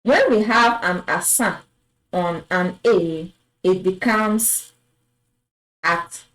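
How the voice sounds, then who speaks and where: A woman teaching French pronunciation, patiently repeating each word and affirming with a soft "yes". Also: on the low side, very slow, low-quality recording. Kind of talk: slow explanatory lesson.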